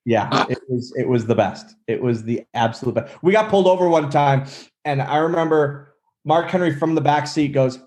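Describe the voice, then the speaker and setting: Man, 30s, interview guest, animated storyteller, mid-pitched voice. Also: moderate pace. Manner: animated storyteller, acts out quotes. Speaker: guest, former wrestler.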